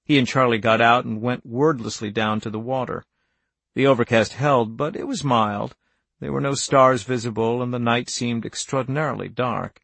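Gravelly male audiobook narrator. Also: mid-range voice, steady tone, moderate pace, fairly bright tone, dry recording. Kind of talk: scripted novel narration.

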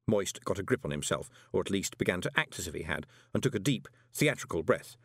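A man narrating an audiobook in an expressive way. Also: deep voice, fairly quick, hardly any pauses, husky, no echo, studio quality. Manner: expressive, many voices. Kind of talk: scripted narration.

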